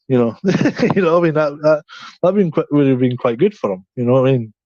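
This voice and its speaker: A man's voice: fairly high pitch, lively intonation, quick pace, dark tone, no echo. A man co-hosting a podcast in casual chat, rambling with many restarts and "you know what I mean". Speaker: podcast co-host. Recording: dry, slightly dull sound.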